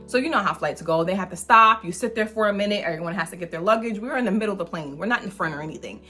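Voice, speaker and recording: A woman's voice: mid-range voice, animated, racing, pushed and bright, faint music behind. A middle-aged mother telling a travel story in a casual, chatty way, sometimes acting out the people she quotes.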